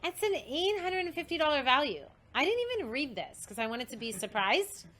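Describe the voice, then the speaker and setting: A woman host excitedly reading out a list of prizes, coughing and short of breath. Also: high voice, brisk. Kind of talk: casual livestream announcement.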